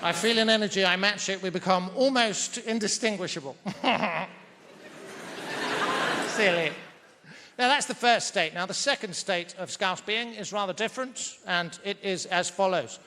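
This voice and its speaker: Brief: mock-grand British stand-up comic, high pitched, stage mic in a big hall. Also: male voice, normal speed, noisy background. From Britain. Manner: mock-pompous, verbose. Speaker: stand-up comedian. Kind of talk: stand-up comedy. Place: large theatre stage. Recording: reverberant theatre hall.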